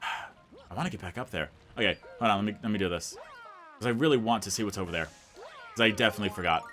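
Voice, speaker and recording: This young let's play host talks fast in a fairly low, bright voice with a forceful edge, casually commenting on his own gameplay. He rambles and packs every sentence with "like," while faint game music plays behind him.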